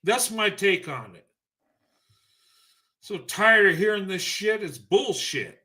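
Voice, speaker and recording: A man's voice: high-pitched, expressive, slow, pushed and bright. A man ranting on a livestream, emphatic and profane, speaking in heated bursts. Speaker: livestream commentator. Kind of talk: ranting opinion monologue.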